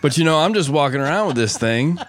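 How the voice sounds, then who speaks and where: A man's voice: on the high side, animated, fast talker, a little hiss or hum. A man speaking as a roundtable guest, candid and self-reflective as he tells his story. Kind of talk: casual roundtable discussion.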